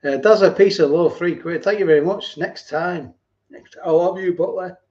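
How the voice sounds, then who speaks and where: A man hosting a casual live stream, reading viewer comments and thanking them by name, sometimes dropping into low asides. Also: moderate pace, darkish tone, dull audio. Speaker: host of a food channel live stream.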